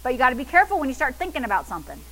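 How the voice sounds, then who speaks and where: A woman's voice: high-pitched, sing-song, racing, bright, forceful tone, low-quality recording. A woman pastor preaching an exuberant sermon, with bursts of laughter and call-and-response.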